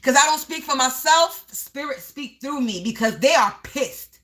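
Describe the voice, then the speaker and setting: A woman gives a spiritual reading to the camera. Her voice sits high and sounds bright and forward. She talks in emphatic, repeating bursts and sometimes yells. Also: expressive, moderate pace. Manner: emphatic, repetitive, breaks into yelling. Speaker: spiritual reader. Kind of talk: live tarot-style energy reading.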